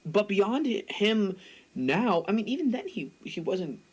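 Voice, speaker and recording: A man's voice: high voice, sing-song, unhurried, breathy edge, low-quality recording. A young man co-hosting a podcast in casual chat, talkative and opinionated, hedging with fillers. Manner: talkative, opinionated, hedges with "like" and "I mean". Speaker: podcast co-host.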